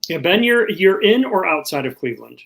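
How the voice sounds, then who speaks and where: A man speaking on a live stream panel from home, casual and halting with many fillers. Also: sits high, sing-song, gravelly, a bit bright, poor audio. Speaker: organization director.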